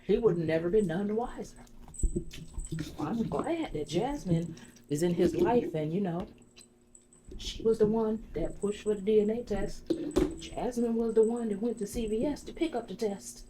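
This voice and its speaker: A woman's voice: medium pitch, moderate pace, background noise. A woman doing an ASMR salon role-play, telling gossip as a chatty storyteller full of "you know.". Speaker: ASMR creator.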